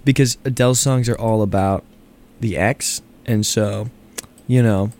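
A man's voice: lowish voice, unhurried, a little mellow. A man co-hosting a show, chatting in casual, jokey banter and laughing often.

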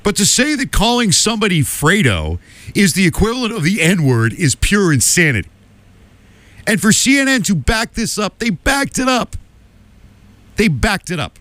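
A man's voice: sits high, sing-song, moderate pace, fairly bright tone, no echo. A man hosting a radio talk show, delivering a combative opinion monologue with emphatic asides. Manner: combative, emphatic, keeps asking "okay?".

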